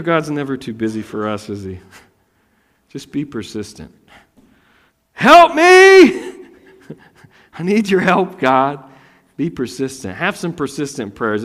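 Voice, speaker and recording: Guy in his 30s preaching, chatty and animated, acts out voices, lots of hall reverb. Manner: animated, acts out voices with sudden high pitch. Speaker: pastor. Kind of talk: sermon.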